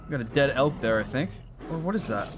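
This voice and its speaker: Excitable man commenting on gameplay. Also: mid-range voice, quick pace, over music. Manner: excitable, swears, shouts at his companion. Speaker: gaming YouTuber.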